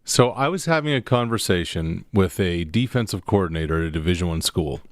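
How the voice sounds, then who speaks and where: A man co-hosts a sports talk radio show, telling stories with animated punch. His voice sits low and sounds dry and close in the studio. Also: a little fast, no echo. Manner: animated storyteller, building to punchlines. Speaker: guest co-host.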